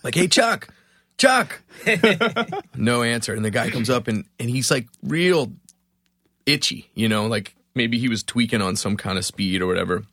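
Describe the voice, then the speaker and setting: A man from Philadelphia, a musician guest on a podcast, telling a story in an animated, profane, self-mocking way. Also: fairly low pitch, moderate pace, no room sound, clean studio sound.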